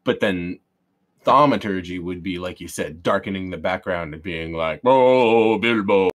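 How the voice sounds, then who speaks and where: Lowish-voiced man making wry jokes. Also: normal speed, fairly bright tone. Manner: joking, wry asides. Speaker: tabletop game player. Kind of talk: casual chat during a tabletop game.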